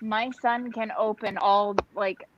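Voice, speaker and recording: A woman's voice: mid-range voice, steady tone, slow, dull audio, slight background noise. A woman in casual chat, telling stories and swearing freely.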